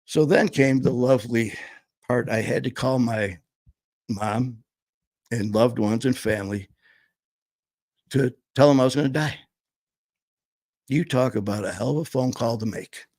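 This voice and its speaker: A man telling a personal story, candid and blunt, swearing freely and pausing often. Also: mid-range voice, a little mellow, dry recording. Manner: halting, full of fillers and restarts.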